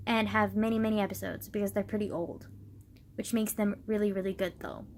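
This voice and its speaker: Here a young vlogger speaks to camera in a high-ish voice, with a faint hiss or hum on the recording. Her talk is casual and rambling, loaded with "like" and profanity, and at times she gets heated.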